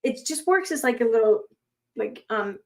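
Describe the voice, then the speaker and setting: A woman's voice: on the high side, expressive, normal speed, a little mellow. A young adult woman reading online posts aloud and adding rambling, sarcastic commentary full of fillers.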